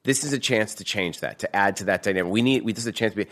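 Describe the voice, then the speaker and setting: A man with a Boston accent telling a story in a fast, profane, animated way as a guest in a casual chat. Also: on the low side.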